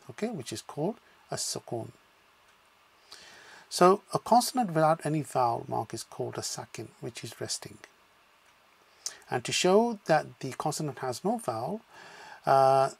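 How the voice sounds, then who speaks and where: A man's voice: mid-range voice, creaky, breathy edge. A man teaching a beginners' language lesson, patiently sounding out syllables one at a time and then blending them into words, with frequent "okay" check-ins. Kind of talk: slow spoken lesson with drills.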